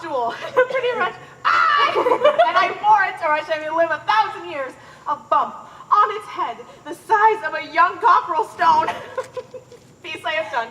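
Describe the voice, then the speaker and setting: A woman's voice: high voice, sharp tone, slight background noise, rough recording. A woman playing a garrulous, doting old nurse who rambles and keeps laughing through her words, in outdoor Shakespeare stage acting.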